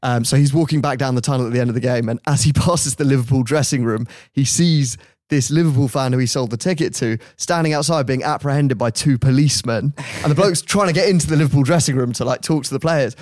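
A man hosts a podcast and tells an anecdote in a casual, lively way, chuckling as he goes. His voice sits in a middle register. The recording is dry and close, with no room sound. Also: medium pitch, quick pace, no room sound. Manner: animated anecdote-telling, laughing often. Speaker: podcast host. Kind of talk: casual storytelling.

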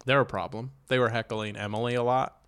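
A man's voice: mid-range voice, fairly even intonation, a little fast, fairly bright tone, clean tone. Man telling stories on a podcast. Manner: storytelling, acting out quotes, laughs often. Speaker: podcast co-host and comedian. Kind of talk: casual podcast chat.

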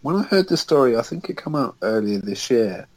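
A man's voice: mid-range voice, very animated, brisk, a little mellow, rough recording. A man, a podcast guest, chatting casually about football with blunt, laid-back opinions.

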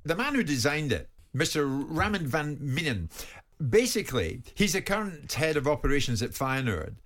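A man's voice: fairly high pitch, sing-song, moderate pace, fairly bright tone. Male sports radio presenter, casual, slightly stumbling. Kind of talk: broadcast chat.

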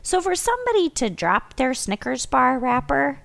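A woman co-hosting a podcast, telling stories in an animated, playful way in casual chat. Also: sits high, normal speed, creaky. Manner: animated storyteller who acts out her own outbursts. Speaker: podcast co-host.

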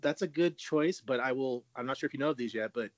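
A man's voice: mid-range voice, fast talker, no room sound, dull audio. A man in his thirties in a casual podcast chat, talking loosely with frequent restarts and easy laughter. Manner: chatty, laughs easily, many restarts.

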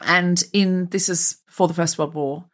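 A woman's voice: fairly low pitch, steady tone, moderate pace. A woman in her forties with a mild Australian accent, hosting a comedy podcast over a video call in a chatty, earnest way. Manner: chatty, earnest, self-deprecating. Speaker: podcast host. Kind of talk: casual comedy chat.

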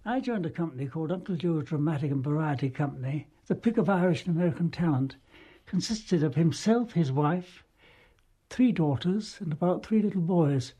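Male ex-actor, mellow breathy voice, amused rambling memories. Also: on the high side, expressive, moderate pace. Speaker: retired touring actor. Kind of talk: anecdotal storytelling.

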